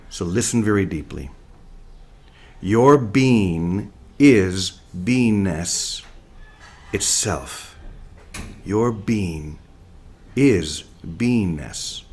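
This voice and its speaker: A man from Oregon giving a slow, deliberate spiritual talk to his community and repeating key phrases. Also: on the low side. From Portland, Oregon, USA. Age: young adult. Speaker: spiritual teacher. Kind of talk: spiritual talk to an online group.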